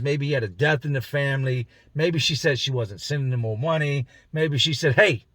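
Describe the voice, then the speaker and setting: Man, casual slangy storytelling, husky, dry close recording. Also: medium pitch, no echo. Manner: slangy, conversational, acts out the voices in his story. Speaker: vlogger telling a prison story. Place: inside a car.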